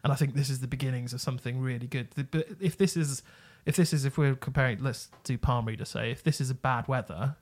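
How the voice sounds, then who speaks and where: A man co-hosting a music podcast, speaking in loose, casual chat. His speech is full of "like" and "um", and he swears freely when he gets excited about a band. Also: medium pitch, fast, few pauses. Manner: eager, sweary, filler-heavy. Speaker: podcast co-host.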